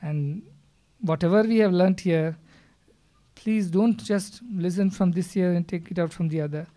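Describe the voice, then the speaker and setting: A man giving a live spiritual discourse in a hall, speaking in a measured way and explaining with stories and scripture verses. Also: high voice, mellow. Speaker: spiritual teacher. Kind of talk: satsang discourse.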